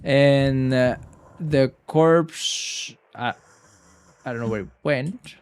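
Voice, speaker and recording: A man streaming a video game live, reacting excitably and swearing at what happens on screen. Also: mid-range voice, very slow, smooth. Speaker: gaming streamer. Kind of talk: live gameplay commentary.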